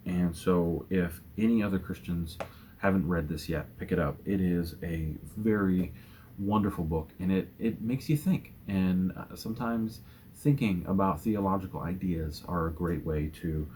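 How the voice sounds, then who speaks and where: A man talking casually and earnestly about books in a home vlog, gentle, with fillers and restarts. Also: low voice, a little hiss or hum. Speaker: booktuber. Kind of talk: casual book tag vlog.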